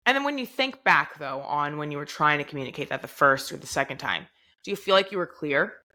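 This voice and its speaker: Bright-voiced young woman telling a story. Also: low-pitched, a little fast. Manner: animated storytelling, acts out quoted dialogue. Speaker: podcast co-host. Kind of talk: casual chat.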